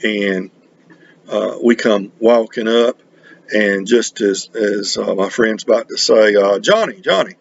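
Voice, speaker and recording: A middle-aged man from North Carolina, chatting casually on his record vlog in a halting, rambling way full of restarts. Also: fairly low pitch, flat delivery, creaky, muffled recording, a little hiss or hum. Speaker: record collecting vlogger. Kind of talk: casual chat.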